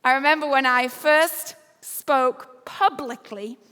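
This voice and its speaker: English woman, 50s, keynote speaker, crisp bright voice, humorous storyteller, reverberant venue. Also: sits high, slow pace. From Yorkshire, England. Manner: storytelling, self-deprecating humor. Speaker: conference speaker. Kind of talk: motivational keynote talk. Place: event stage. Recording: echoey hall.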